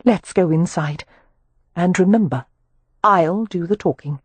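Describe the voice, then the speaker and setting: A woman's voice: fairly low pitch, unhurried, slightly rough, no echo. Narrator doing a resolute young woman in charge. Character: determined young woman, exasperated elder sister.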